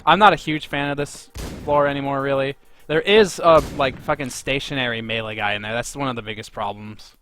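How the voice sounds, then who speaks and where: A man's voice: mid-range voice, brisk, fairly bright tone, a little hiss or hum. A man streaming a game live, giving rambling, profane, casual commentary into a desk mic.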